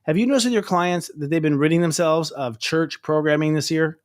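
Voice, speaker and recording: Fast excitable guy hosting a chat, higher voice, rambles with lots of fillers. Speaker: astrologer host. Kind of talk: casual interview chat.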